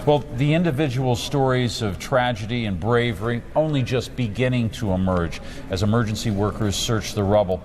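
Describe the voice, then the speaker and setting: A man anchoring a television newscast, reading in a brisk manner with some stumbles. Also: medium pitch, soft background music. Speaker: news anchor. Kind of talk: scripted news reading.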